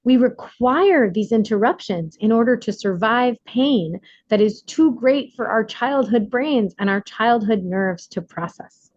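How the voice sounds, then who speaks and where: A woman's voice: on the high side, lively intonation, a little mellow, no echo, lo-fi sound. Earnest woman reading her self-help book. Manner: earnest, measured, deliberate.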